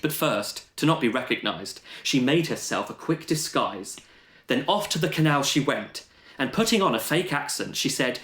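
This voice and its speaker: A man's voice: medium pitch, animated, moderate pace, fairly bright tone. A man telling a rhyming panto-style story with a playful, sing-song delivery. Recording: roomy echo.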